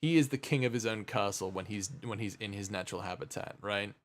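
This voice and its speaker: A man's voice: lowish voice, a little fast. A man hosting a casual birthday stream, playful and rambling, often laughing and restarting his sentences. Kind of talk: casual chat.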